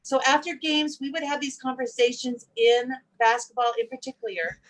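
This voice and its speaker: A middle-aged woman telling family stories as a podcast guest, animated and acting out the quotes as she goes. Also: sits high, moderate pace, poor audio. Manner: animated storyteller, acts out quotes. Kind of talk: casual interview chat.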